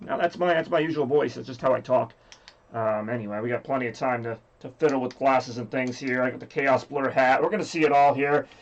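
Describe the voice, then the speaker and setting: A livestream host with a scratchy, medium-pitched voice chats a little fast, rambling and joking while reading messages from chat out loud. The sound quality is lo-fi.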